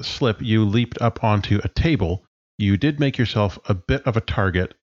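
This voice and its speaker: A man narrating a tabletop game as game master in a relaxed, descriptive way with frequent fillers. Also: fairly low pitch, no echo, dull audio.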